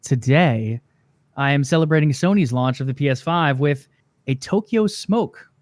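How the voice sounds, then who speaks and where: A man's voice: fairly high pitch, lively intonation, moderate pace, no room sound. A man co-hosting a gaming podcast in an easygoing, chatty way, laughing at his own jokes. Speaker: podcast co-host. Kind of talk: casual gaming podcast chat.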